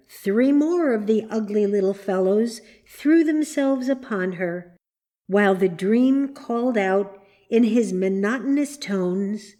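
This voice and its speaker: A woman reading a children's story aloud in measured, gentle narration. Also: fairly high pitch, expressive. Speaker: reader. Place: church.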